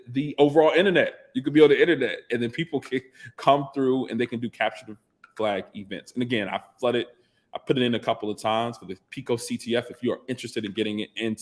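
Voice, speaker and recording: A man hosting a casual live stream, answering chat questions in a conversational way and often repeating himself. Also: mid-range voice. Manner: conversational, reads chat aloud, repeats "absolutely". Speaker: livestream host.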